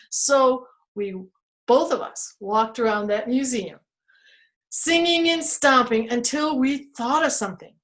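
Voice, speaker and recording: A woman storyteller reads an interactive story aloud for children in a playful, expressive way. She takes her time, in a slightly high voice, and keeps asking her young listeners what they think. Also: measured pace.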